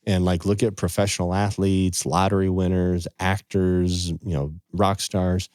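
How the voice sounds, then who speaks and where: A middle-aged man, a financial advisor, telling personal stories in a relaxed podcast conversation and quoting scripture and sayings earnestly. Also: sits low, unhurried, dry recording, studio quality. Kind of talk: casual storytelling in conversation.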